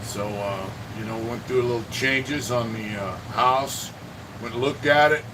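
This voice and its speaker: Guy rambling on his livestream, swears a lot, shouts out viewers, mic kinda far off, ac humming. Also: medium pitch, measured pace, noisy background. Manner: profane, rambling, greets viewers by name. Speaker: livestream host. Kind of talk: casual livestream chat. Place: indoor home art studio.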